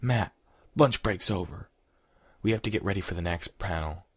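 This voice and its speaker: A man voicing a frustrated, bossy woman in a put-on Scottish accent, loud and shrill. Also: normal speed, husky, no echo, studio quality. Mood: annoyed. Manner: shrill, shouting.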